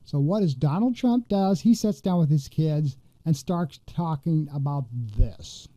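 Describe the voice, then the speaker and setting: A man's voice: fairly high pitch, measured pace, background noise. A man hosting a political commentary podcast, talking in a rambling, indignant way with many fillers and restarts. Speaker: podcast host.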